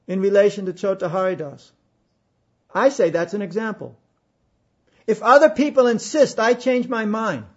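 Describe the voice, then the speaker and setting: A man giving a reflective spiritual talk, halting and emphatic, with pauses and repeated phrases. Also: high voice, husky, lo-fi sound. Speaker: spiritual speaker.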